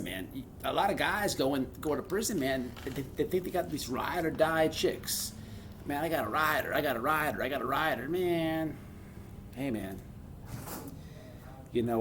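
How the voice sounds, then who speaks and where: A man talks straight to his audience in a loose, rambling way, sprinkling "man" everywhere and tripping over his own restarts. His voice sits a bit high for a man. A faint noise hangs behind him. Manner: rambling, streetwise, keeps saying "man"; frequent restarts and stammered repeats. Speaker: channel host. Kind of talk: casual monologue.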